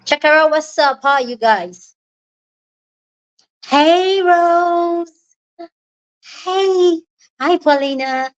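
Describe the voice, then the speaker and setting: A woman hosts a casual live stream from her room at home. Her voice sits fairly high, and she gets excitable, breaking into squeals and shouts when she is excited. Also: drawn-out words, long pauses, muffled recording. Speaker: livestream host.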